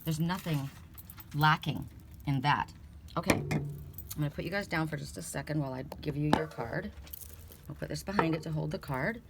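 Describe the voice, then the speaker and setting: A woman's voice: sits low, normal speed, vocal fry, long pauses, very noisy. A woman giving a casual oracle card reading, chatty and blunt, swearing casually and laughing often. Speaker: tarot and oracle card reader.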